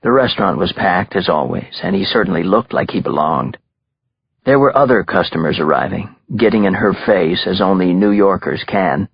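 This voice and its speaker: A man narrating a thriller audiobook in a measured, grim storytelling manner. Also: deep voice, animated, gravelly, husky, dry recording, dull audio.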